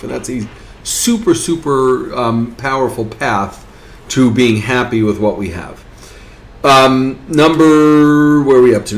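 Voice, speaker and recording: A man giving a spoken lesson, often asking his listeners "right?". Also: medium pitch. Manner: rhetorical, keeps asking "right?". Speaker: teacher. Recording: echoey room.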